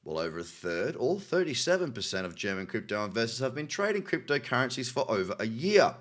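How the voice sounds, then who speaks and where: A man's voice: medium pitch, very animated, brisk, a bit bright. A man with an Australian accent hosting a crypto news show, reading articles aloud and adding cynical, chatty asides. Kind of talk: casual news commentary.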